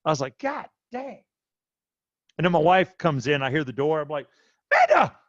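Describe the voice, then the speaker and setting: A man, co-hosting a casual podcast and telling a story animatedly, his voice jumping high when he quotes himself. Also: fast talker, no room sound, highs cut off. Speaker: podcast co-host. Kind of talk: casual chat.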